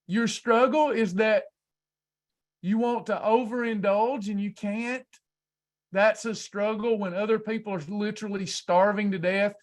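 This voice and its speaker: A man's voice: high-pitched, fairly even intonation, measured pace. A man coaching a class on weight loss in an emphatic, preacher-like motivational speech full of rhetorical questions.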